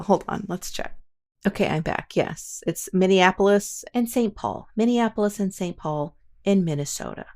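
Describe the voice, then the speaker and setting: A woman hosting a paranormal podcast, chatting casually and making self-mocking asides to listeners. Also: sits low. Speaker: podcast host. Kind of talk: casual podcast chat and reading news quotes.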